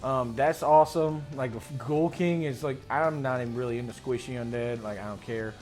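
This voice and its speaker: Excitable, slangy man. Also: medium pitch, a little fast, faint music behind. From Mid-Atlantic United States. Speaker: host. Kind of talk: casual tabletop gaming chat.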